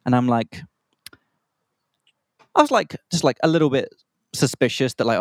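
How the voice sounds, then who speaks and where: A man's voice: mid-range voice, big pitch swings, moderate pace, pauses often, dry recording. Chatty man telling a story. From Australia. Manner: rambling, explains slang terms mid-story. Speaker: podcast co-host. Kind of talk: casual storytelling for English learners.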